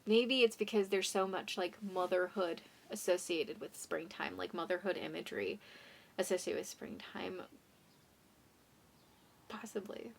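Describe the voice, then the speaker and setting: A young woman chatting casually about books for her vlog, self-deprecating and drifting into soft asides. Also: fairly low pitch, steady tone, unhurried, gravelly. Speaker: book vlogger. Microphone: phone condenser mic.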